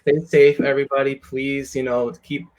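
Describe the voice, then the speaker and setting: A young co-host with a mid-pitched voice speaks in a casual live stream chat. The tone is earnest and encouraging, like gentle motivational advice. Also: little pitch movement, moderate pace.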